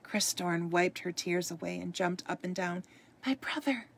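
Gravelly, low-voiced woman reading a story. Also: moderate pace, slight background noise. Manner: expressive read-aloud, occasional stumbles. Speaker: storybook reader. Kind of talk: reading a ghost story aloud.

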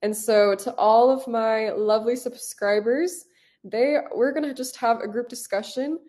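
A woman's voice: on the high side, a little slow, dark tone. A woman teaching a live online English class, upbeat and encouraging as she talks to her students.

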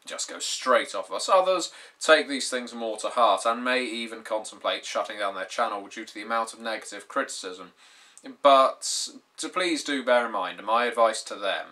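Dry, sardonic and wryly funny, a British gaming YouTuber in his twenties chats casually to camera. He has a lowish voice with a sharp tone.

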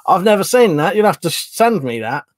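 A man in casual livestream chat, rambling from one thing to the next and cursing lightly now and then. His voice sits a little high for a man. The sound is close and dry, with no room in it. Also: big pitch swings, brisk, dry recording. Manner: rambling, chatty, swears casually. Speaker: livestream host reading chat.

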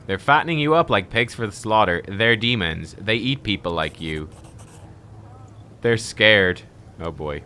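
A man's voice: on the low side, lively intonation, a little slow, pushed and bright, a little hiss or hum. A man giving gameplay commentary as a let's play host, with wry, incredulous asides.

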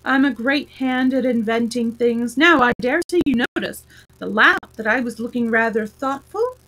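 A woman voicing a rambling, eccentric old male knight inventor who explains his ideas slowly and earnestly. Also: fairly high pitch, fairly bright tone, poor audio. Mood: explaining.

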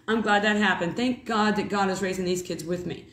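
A woman in her thirties, a mother, telling a rambling spiritual story in a casual, animated way. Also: medium pitch, fairly quick. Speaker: mother and preacher. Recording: echoey room.

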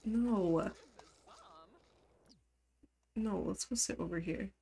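A woman's voice: mid-range voice, extremely slow, vocal fry, mellow, slightly rough. A woman streamer giving casual live commentary on a life-simulation game, bursting into laughter and scolding her game characters.

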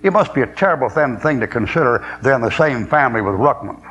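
A man preaching a sermon in a blunt, folksy and sarcastic way, slowing into a weightier cadence when he quotes scripture. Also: mid-range voice, lively intonation, fairly bright tone, dull audio, slight background noise.

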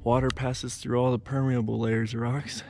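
A man narrates a travel vlog on a handheld camera out in the desert, his voice carrying a gravelly edge. He is chatty and playful, and now and then drops to a whisper. Loud wind and outdoor noise run under everything he says. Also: medium pitch, flat delivery, moderate pace. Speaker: travel vlogger.

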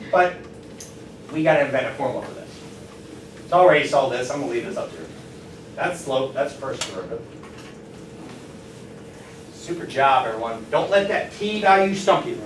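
A man with a slightly high, somewhat bright voice leads a math lecture, cheerfully encouraging his class and throwing questions their way. The echoing room makes him sound far off, with a little noise in the background.

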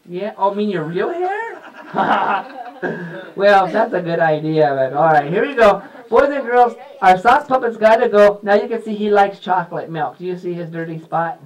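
A man's voice: sits high, expressive, normal speed, low-quality recording. A man working as a puppeteer, talking playfully to children in a live puppet show and quizzing them. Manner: playful, teacherly questions to kids.

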